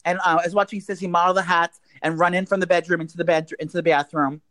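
A man's voice: a little high, little pitch movement, fast talker, a bit bright, dry recording. Dramatic gossipy man, campy chat. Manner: dramatic, gossipy, trailing off mid-sentence. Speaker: podcast co-host. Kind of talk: casual podcast chat. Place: hotel room.

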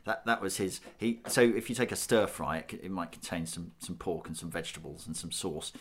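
Low-voiced British man musing aloud. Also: steady tone, fairly quick, fairly bright tone, slight background noise. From Britain. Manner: thoughtful, restarts often. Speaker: panel guest. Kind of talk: discussion.

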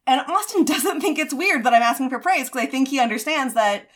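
A woman in her thirties talks through advice on a casual podcast. Her voice sits a little high, and she is chatty, with lots of fillers and playful acted-out quotes. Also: lively intonation, normal speed, few pauses, a bit bright. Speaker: podcast co-host.

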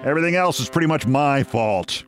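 A man hosting a podcast, reading a short story aloud in a theatrical, expressive way. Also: mid-range voice, a little fast, faint music behind. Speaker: host.

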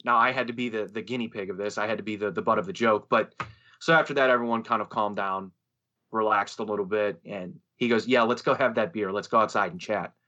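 A man on a podcast telling a story in a lively, casual way, swearing and acting out what others said. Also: fairly low pitch, fairly quick, dull audio. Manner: animated storyteller, swears freely, acts out quoted voices. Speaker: podcast co-host, musician.

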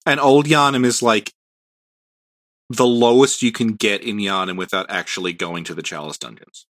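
A man's voice: on the low side, fairly even intonation, moderate pace, a bit bright, dry recording. A man hosting a casual podcast, explaining game lore at length with lots of fillers and restarts.

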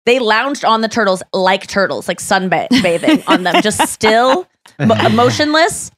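A woman's voice: mid-range voice, animated, a little slow, fairly bright tone. A woman hosts a podcast in loose casual chat. She rambles through her stories with "like" at every turn, in an ordinary mid-range voice. She grew up in St. Louis. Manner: rambling storytelling, heavy use of "like". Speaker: podcast host.

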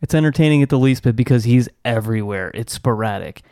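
A man's voice: medium pitch, quick pace, warm tone, smooth, no echo, studio quality. A man co-hosting a podcast, commenting on clips in a casual, conversational way. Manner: conversational, hesitant restarts. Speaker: podcast co-host.

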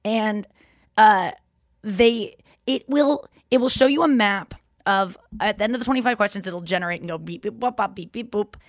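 A woman, co-hosting a podcast in casual, animated, rambling chat with frequent laughs. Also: medium pitch, normal speed, dry recording, studio quality. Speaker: podcast co-host.

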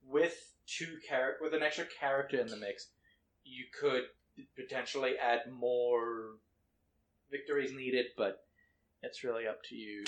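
A woman's voice: a bass voice, a little slow. A woman player in a tabletop game chat, teasing the others and laughing a lot.

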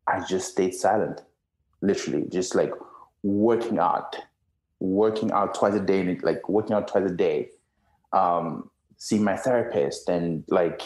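A man's voice: deep voice, darkish tone. A man in his thirties, guest cohost of a podcast, talking earnestly and rambling with many restarts. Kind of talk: casual podcast chat. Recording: roomy echo.

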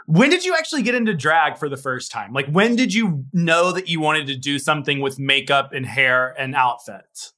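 A man's voice: on the high side, animated, moderate pace, few pauses, pushed and bright. A man interviewing a guest, sharing his own stories openly and casually.

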